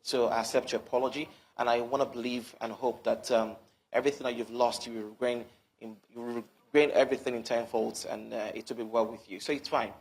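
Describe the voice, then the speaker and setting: Male reporter, gravelly, husky, steady monotone; on a tinny remote link. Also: medium pitch, fast. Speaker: journalist. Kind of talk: live TV interview.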